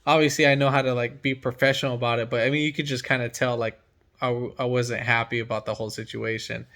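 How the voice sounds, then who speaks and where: A man's voice: mid-range voice, level tone, fast talker, a bit bright. A man who works as a mechanic from home, telling a story in casual chat and acting out his own reactions with energy.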